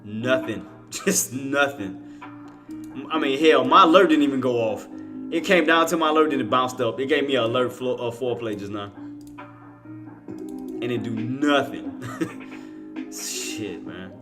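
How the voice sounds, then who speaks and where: A man's voice: medium pitch, a little slow, long pauses, over music. A man giving casual, rambling live trading commentary, talking to himself, laughing often and using slang. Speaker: stock trading streamer.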